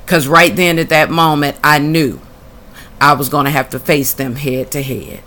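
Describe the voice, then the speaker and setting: A woman's voice: low voice, fairly even intonation, normal speed, fairly bright tone, a little hiss or hum. A woman reading out documents from her own case and answering them bluntly and indignantly. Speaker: tenant telling her own housing case. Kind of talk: reading documents aloud and reacting.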